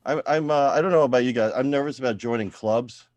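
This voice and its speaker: Deadpan man mumbling his stand-up set. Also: mid-range voice, fast talker, dry recording. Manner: mumbling self-deprecating asides, trailing off quietly. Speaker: stand-up comedian at open mic. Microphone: video call.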